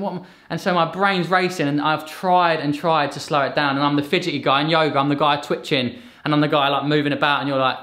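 Animated man in his thirties. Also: a little high, fast, hardly any pauses. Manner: earnest, animated storytelling with acted-out quotes. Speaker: podcast guest, fitness coach. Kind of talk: casual conversation.

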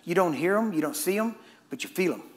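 Fast-talking preacher man. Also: sits high, animated. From Texas. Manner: fast-talking and joking with the audience. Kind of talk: sermon.

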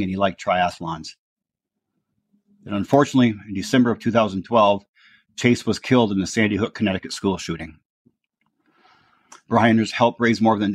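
A man's voice: on the low side, breathy edge, dry recording. A man hosting a podcast, chatting casually and repeating words as he goes. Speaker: podcast host. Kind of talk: casual interview chat.

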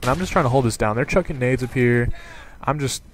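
A young man giving casual commentary on a video game, rambling and excitable, with lots of fillers. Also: mid-range voice, fast, noisy background. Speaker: gaming commentator. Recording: game sound and gunfire behind. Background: gunfire from gameplay.

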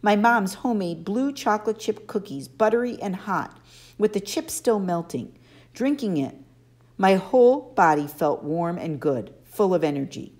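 A woman narrating an audiobook in an expressive first-person storytelling manner. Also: mid-range voice, moderate pace. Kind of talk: audiobook reading.

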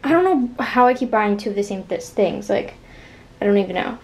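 A woman's voice: medium pitch, expressive, fairly quick, darkish tone. A young woman in her twenties, talking casually through an apartment vlog. She rambles candidly and uses "like" constantly. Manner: rambling, heavy use of "like", candid. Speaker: vlogger. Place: apartment, indoors. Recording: echoey room with background noise.

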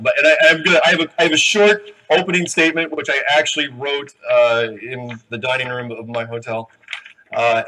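A man's voice: medium pitch, pushed and bright, low-quality recording. A man giving an emotional, earnest talk to a large conference audience before taking questions, laughing now and then. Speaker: conference speaker.

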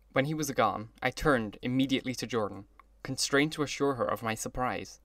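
A man reads a classic novel aloud in a steady, mid-pitched voice. The delivery is even and measured, and the recording is close and dry, with no room sound. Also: no echo. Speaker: audiobook narrator. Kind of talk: scripted narration of a novel.

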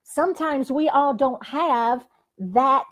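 A woman's voice: high-pitched, slow, fairly bright tone. An older woman who coaches people, giving a frank, emphatic motivational talk to a camera and saying "like" often. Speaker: life coach. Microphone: facing the camera.

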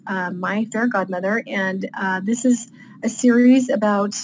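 A woman's voice: medium pitch, a little mellow, slight background noise, poor audio. Chatty female author explaining writing. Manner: chatty, with frequent fillers and light laughs. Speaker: author guest. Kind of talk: casual teaching interview.

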